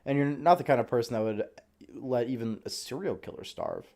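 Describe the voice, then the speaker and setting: A man voicing an eager young male prison guard, who talks in an earnest, fumbling and excitable way. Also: mid-range voice, a little fast, lightly acted.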